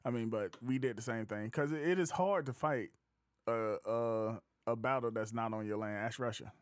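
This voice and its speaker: This podcast host is a man with a mid-range voice, speaking at a moderate pace in loose, jokey casual chat and laughing often. He tells stories in a laid-back, rambling way, and the recording is dry and close with no room sound.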